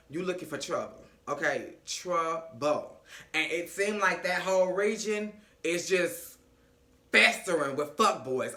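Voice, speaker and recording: A man doing a comedic recap vlog of a reality show, sassy and animated, acting out the cast's lines. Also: a little high, echoey room.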